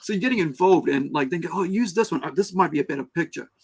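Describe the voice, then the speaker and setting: A man's voice: a little high, fast, rough recording. A man, a podcast co-host telling stories in casual chat and acting out what others said. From New Zealand. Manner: animated storyteller, acts out quotes.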